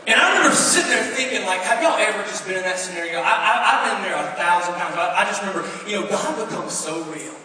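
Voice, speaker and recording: A man with a Southern US accent preaching a storytelling sermon to a youth crowd, animated and rising to shouts. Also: high voice, fast talker, hardly any pauses. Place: large indoor youth venue. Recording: echoey hall from far off, faint ambience.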